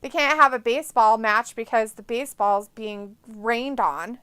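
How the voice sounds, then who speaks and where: A woman's voice: fairly high pitch, moderate pace, sharp tone, smooth, no echo. A woman co-hosting a live watch-along stream, chatting casually with playful sarcasm and reading viewer messages aloud. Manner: playful, sarcastic, mock voices for chat messages, frequent laughs.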